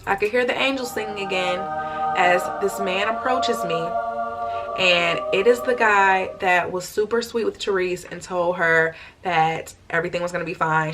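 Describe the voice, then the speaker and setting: Young american woman doing a chatty storytime vlog, mid pitch, expressive, soft music under it. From United States. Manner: chatty, expressive retelling with acted-out quotes. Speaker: vlogger.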